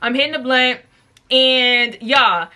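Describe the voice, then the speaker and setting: A woman's voice: sits high, slow pace, bright, forceful tone. A young woman telling a storytime vlog in a chatty, slangy way, full of fillers and talking straight to her viewers. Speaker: storytime vlogger.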